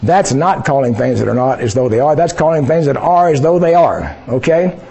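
A man's voice: mid-range voice, a little fast, gravelly, dark tone, breathy edge. A man preaching an informal sermon in a conversational, emphatic way, often repeating phrases for stress.

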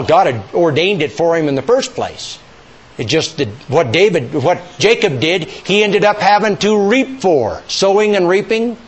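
A man preaching a sermon, emphatic and rising to near-shouts, leading call-and-response with his congregation. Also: high-pitched, breathy edge.

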